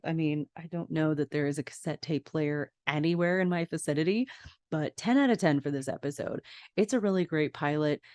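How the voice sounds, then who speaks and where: A woman with a low, deep-set voice hosts a rewatch podcast, retelling an episode scene by scene. She reacts out loud as she goes, gasping and exclaiming. The sound is close and dry, with no room around it. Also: no echo. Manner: expressive, gasps and exclaims while retelling. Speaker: podcast host. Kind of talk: episode recap.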